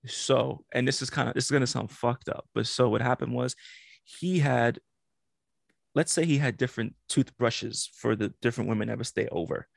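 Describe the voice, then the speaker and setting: A man telling a story in casual podcast chat, animated and laughing, acting out the quotes. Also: mid-range voice, normal speed, gravelly, no room sound, studio quality.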